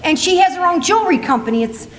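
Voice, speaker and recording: Animated high-voiced woman in her sixties. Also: quick pace, very noisy. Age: 60s. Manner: animated, laughing, self-mocking. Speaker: comedic storyteller. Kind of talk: stand-up storytelling. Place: conference hall stage. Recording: echoey hall, faint ambience.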